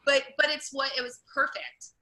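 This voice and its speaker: A woman's voice: high-pitched, level tone, a crowd in the background. A woman coaching a weight loss program, talking in an enthusiastic, casual interview chat with lots of run-on "like"s. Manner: enthusiastic, talks in quick run-on bursts with many "like"s. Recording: echoey room.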